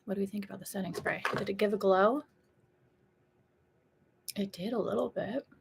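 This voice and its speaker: A woman's voice: mid-range voice, moderate pace, gravelly, a little hiss or hum. A woman in her thirties chatting casually and emotionally on a beauty livestream, greeting viewers by name. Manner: chatty and emotional, reads viewer comments aloud.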